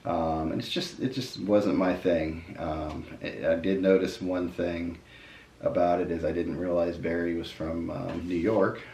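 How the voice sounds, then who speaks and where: A middle-aged man with a very low voice talks through a stack of records, easygoing and meandering, full of ums and uhs. He sits a little back from the mic in a roomy, echoing space with faint hiss behind him. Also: unhurried, creaky, recorded from a distance. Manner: relaxed and rambling, with many ums and uhs. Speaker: host of a record review channel. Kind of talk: casual album review chat.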